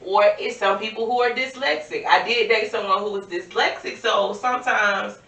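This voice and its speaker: A woman's voice: medium pitch, normal speed, bright, forceful tone. A woman on a chat panel, explaining her point earnestly and at length. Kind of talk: casual debate chat. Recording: roomy, distant mic.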